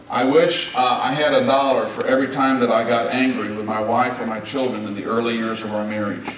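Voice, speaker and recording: A man in his seventies speaking at a marriage conference, delivering a sermon-style talk to husbands and hammering home his points with repeated commands. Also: mid-range voice. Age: 70s. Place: large conference hall. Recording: very echoey hall, distant mic, faint hiss.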